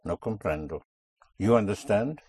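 A man's voice: lowish voice, expressive, normal speed, darkish tone, slightly rough, no echo, studio quality. A man teaching a language lesson, patiently repeating and correcting a student's answers. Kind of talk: guiding a student through spoken drills.

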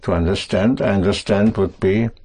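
A man teaching a language lesson to students, speaking slowly and patiently, prompting and correcting them. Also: lowish voice, fairly even intonation, warm tone. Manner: slow, patient, reassuring, repeats and corrects.

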